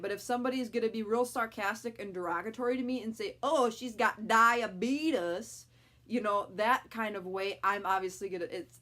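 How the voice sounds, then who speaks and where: A woman's voice: medium pitch, a bit bright. A young adult woman talking frankly to camera in a casual vlog, with lots of fillers. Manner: frank, chatty, many fillers. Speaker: vlogger.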